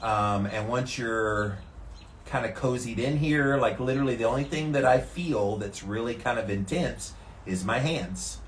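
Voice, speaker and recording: A man vlogging from an ice bath, talking calmly and steadily to the camera. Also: medium pitch, a little slow, echoey room, a little hiss or hum. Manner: calm and steady, relaxed despite the cold. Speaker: vlogger doing a daily ice bath challenge. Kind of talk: casual talk to camera. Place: sitting in an ice bath tank.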